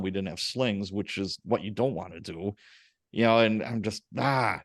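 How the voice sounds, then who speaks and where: A man hosting a podcast, telling stories from his police days in a casual, animated and profane way. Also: fairly low pitch, unhurried, no room sound, studio quality. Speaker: podcast host, former police officer. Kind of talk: casual interview chat, storytelling.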